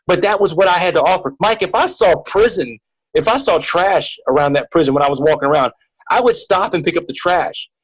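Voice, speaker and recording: A man's voice: on the high side, fairly quick, husky, rough recording. A man as an interview guest, telling a personal story in an earnest way, often repeating and restarting his words.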